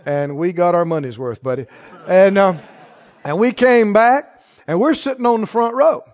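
A man delivers a sermon in a high voice, dropping to quiet asides and then rising to near-shouts. The recording is dull and muffled. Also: expressive, normal speed. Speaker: preacher.

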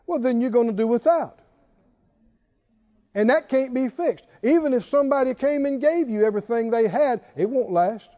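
Very high-voiced man preaching, lively. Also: normal speed, highs cut off. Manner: emphatic, with repeated rhetorical questions. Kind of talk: sermon.

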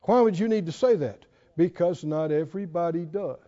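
A man preaching a sermon, folksy and emphatic, drawing out scripture quotes slowly and asking his listeners questions. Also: fairly high pitch, warm tone. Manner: folksy, asks the audience questions. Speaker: pastor. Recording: dull lo-fi recording in a reverberant hall.

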